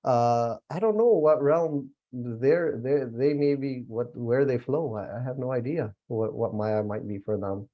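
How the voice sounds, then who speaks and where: A young man leads a relaxed study class, chatting freely with many fillers and the odd laugh. His voice sits at an ordinary middle pitch. The recording is slightly dull and lo-fi. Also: unhurried, few pauses. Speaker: Gurbani class teacher. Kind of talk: casual spiritual class talk.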